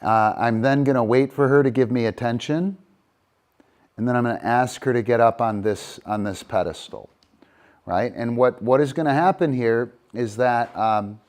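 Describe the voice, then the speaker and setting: A middle-aged man teaching dog training live. He praises the dogs softly and then explains each game in a steady, unhurried way, moving nearer to and farther from the mic. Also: mid-range voice.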